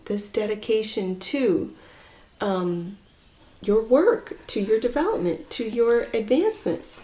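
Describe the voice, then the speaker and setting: A woman giving a pick-a-card tarot reading, talking in a musing way, with phrases that trail off softly. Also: a little high. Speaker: tarot reader.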